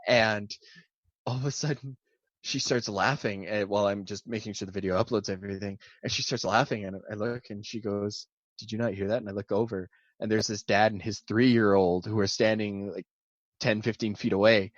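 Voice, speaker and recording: A man in his thirties with a lowish voice tells stories packed with puns, chuckling along. The recording is dull and lo-fi, with a dry, close sound. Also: fairly even intonation, normal speed, no echo. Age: 30s. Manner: punning joker, chuckling through stories. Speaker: podcast co-host. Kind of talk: casual chat.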